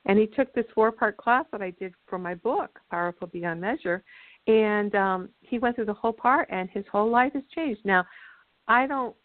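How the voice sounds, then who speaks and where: A woman guest explains her ideas about emotional energy on a call-in talk show, pausing as she builds her stories. Her medium-pitched voice comes through a tinny phone line with a dry, close sound. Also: no room sound. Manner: explanatory and storytelling, with measured pauses. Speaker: guest, energy healer and author. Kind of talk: radio call-in interview.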